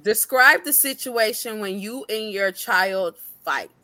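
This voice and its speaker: A woman's voice: mid-range voice, slow pace, bright, forceful tone, no echo. Laughing, slangy woman co-host. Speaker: podcast co-host. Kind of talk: casual chat.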